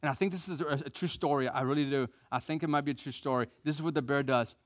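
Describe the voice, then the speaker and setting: An American man preaches a sermon in a fast, mid-range voice, animated and repeating phrases for emphasis. He leads call-and-response with the congregation.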